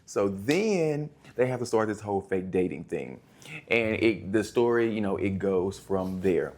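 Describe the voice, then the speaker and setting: A chatty young man talks through his monthly reads in a relaxed, rambling way and drops plenty of slang. His voice sits a little low. He often stops and restarts mid-thought. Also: measured pace. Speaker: book reviewer. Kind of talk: casual book review vlog.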